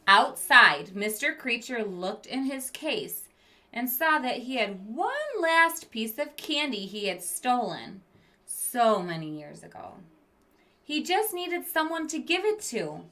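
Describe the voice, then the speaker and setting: A woman teacher reading a storybook aloud to children at an unhurried pace. She pauses to explain words and quiz her listeners, sometimes dropping to a whisper. Her voice is bright and clear. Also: fairly high pitch, sing-song. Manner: stops to explain words and ask children questions; drops to whispered asides.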